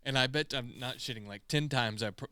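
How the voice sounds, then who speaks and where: Male co-host, bright and smooth, joking and profane, dry close mic. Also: medium pitch, a little fast, dry recording. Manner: laid-back, jokey and profane. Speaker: podcast co-host. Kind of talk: casual chat.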